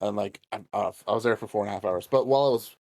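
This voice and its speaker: A man's voice: lowish voice, very fast, darkish tone. A man co-hosting a podcast, telling a long story in a casual way, laughing often and swearing freely. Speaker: podcast co-host.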